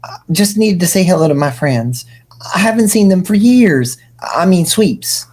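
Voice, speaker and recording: A woman's voice: on the low side, expressive, moderate pace, a little mellow, pitched above the performer's own voice. A woman voicing a possessed male troll prophet who swings from desperate muttering to giddy, gushing chatter.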